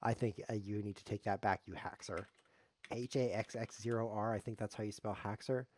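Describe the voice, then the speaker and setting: A man's voice: lowish voice, steady tone, brisk, darkish tone. A man streaming live chess, commenting on his games in a sarcastic, joking way as he plays. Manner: sarcastic, joking, talks to himself while playing.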